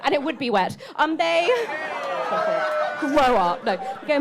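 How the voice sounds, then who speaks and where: A woman delivers a chatty stand-up set, teasing the crowd and mocking herself. Her voice sits high and swings widely in pitch. The live club recording carries clear audience noise behind her. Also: sing-song, normal speed. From England. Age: 30s. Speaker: stand-up comedian. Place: comedy club.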